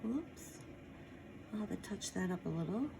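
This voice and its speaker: A woman's voice: mid-range voice, lively intonation, moderate pace, vocal fry, noisy background. Chatty woman teaching painting. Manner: chatty, talks while working, apologetic asides. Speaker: painting instructor. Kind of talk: casual painting tutorial.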